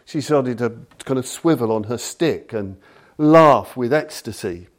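A man lecturing on Buddhism, telling a story slowly and deliberately and reading passages aloud. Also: medium pitch, expressive.

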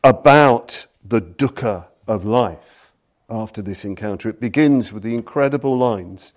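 A man lecturing on Buddhism, telling a story slowly and deliberately and reading passages aloud. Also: fairly low pitch.

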